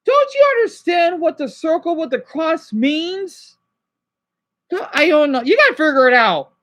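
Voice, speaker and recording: High-pitched guy scolding his stream chat, voice swinging up and down, tired and fed up. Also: sing-song, a little slow, fairly bright tone. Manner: agitated, exasperated scolding; tired, sighing. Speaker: livestreamer. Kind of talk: livestream rant to chat.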